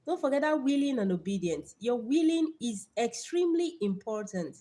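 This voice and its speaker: A young Nigerian woman with a Nigerian accent, hosting a live stream motivational talk with Bible verses, lively and repeating words as she greets viewers by name. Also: fairly high pitch, normal speed. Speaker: livestream host.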